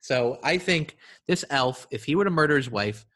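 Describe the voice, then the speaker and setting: A man's voice: medium pitch, animated, normal speed, a bit bright. A man riffing playfully in a casual comedic podcast chat. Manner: riffing, playful, slips into silly voices.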